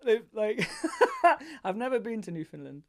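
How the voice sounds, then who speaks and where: A man's voice: high voice, sing-song, unhurried. Laid-back english guy rambling on a podcast, laughs a lot. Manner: easygoing, rambling, often laughing. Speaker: podcast guest, songwriter. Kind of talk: casual chat.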